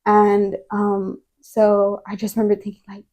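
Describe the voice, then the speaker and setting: A woman's voice: medium pitch, monotone, unhurried, warm tone. A young woman giving a personal faith testimony as a podcast guest, telling it earnestly in a rambling way full of filler words.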